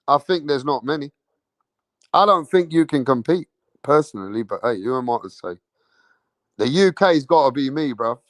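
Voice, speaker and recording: A man's voice: high-pitched, no echo. A man with a London accent hosting a boxing livestream, brash and slangy, swearing and repeating himself as he calls out questions to his chat. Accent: London English. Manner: calls out to chat and waits for answers. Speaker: boxing channel host.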